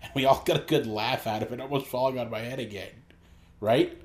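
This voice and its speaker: A man's voice: medium pitch, steady tone, brisk. A man co-hosting a podcast in casual, joking chat. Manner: joking, teasing. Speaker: podcast co-host.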